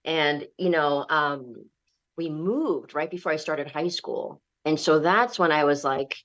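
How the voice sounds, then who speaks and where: A woman from Los Angeles talks with a guest's friendly chattiness, her voice sitting a bit low. The sound is dull and lo-fi, as if it came through a video call. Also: measured pace, fairly bright tone. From Los Angeles, USA. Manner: friendly and chatty, with many fillers and restarts. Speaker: guest actress. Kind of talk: interview answers.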